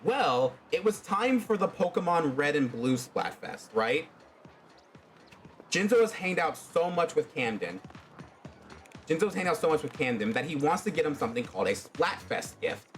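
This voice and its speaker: A man's voice: fairly high pitch, big pitch swings, normal speed, soft background music. A man casually telling a fan story on a stream, rambling along with many fillers.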